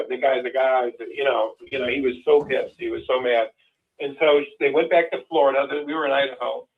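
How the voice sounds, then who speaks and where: A man's voice: medium pitch, fairly even intonation, fairly quick. A man co-hosting a call-in show, telling a long story in a rambling, folksy way with many restarts. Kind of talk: casual storytelling chat. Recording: distant, phone-like lo-fi sound.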